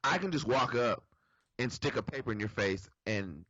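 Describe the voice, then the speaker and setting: A man's voice: mid-range voice, normal speed, slightly rough, dry recording. A man co-hosting a casual talk show, telling a story at an easy pace. His voice is dry, with no room sound, and slightly muffled. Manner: relaxed storytelling. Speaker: podcast co-host. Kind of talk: casual chat.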